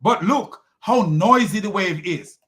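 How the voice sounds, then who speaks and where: A man with a high voice hosts a commentary and mocks as he goes. His tone is bright and pointed. He laughs often and trips over restarts. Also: animated, measured pace. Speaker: host. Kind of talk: critical commentary.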